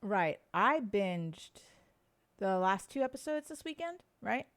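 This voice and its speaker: A woman chats casually as a podcast co-host, gushing with enthusiasm. Her voice sits at a middling pitch. The recording is close and dry, with no room echo. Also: very animated, takes it slowly. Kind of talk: casual chat.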